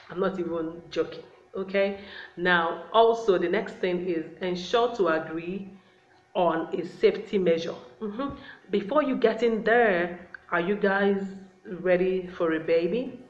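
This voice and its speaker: A woman's voice: lowish voice, a little slow. A woman giving relationship advice to the camera in a casual, chatty way, often calling her viewers guys. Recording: roomy, slightly dull sound.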